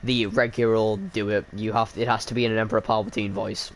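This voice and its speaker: A man's voice: fairly low pitch, flat delivery, fast, a little hiss or hum. Self-mocking man streaming a game. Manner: self-deprecating, chatting with viewers by name. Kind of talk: casual live-stream commentary while gaming.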